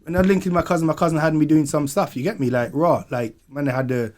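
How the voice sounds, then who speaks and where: A man's voice: a little high, quick pace, darkish tone. Man, from Montserrat, young adult, guest, casual chat, slang-heavy, heartfelt. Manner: slang-heavy, emotional storytelling.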